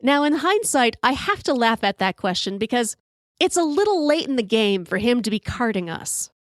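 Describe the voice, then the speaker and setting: A woman in her fifties hosting a podcast, telling a story in an animated, profane way and acting out the quotes. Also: on the high side, normal speed, no room sound, studio quality. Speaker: podcast host. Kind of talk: storytelling monologue.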